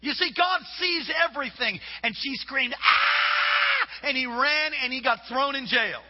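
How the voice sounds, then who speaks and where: A man preaching a sermon, reading scripture and building to loud shouted points. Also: very high-pitched, moderate pace. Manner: preaching with rising shouts and acted-out quotes. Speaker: pastor. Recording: echoey hall, dull lo-fi sound.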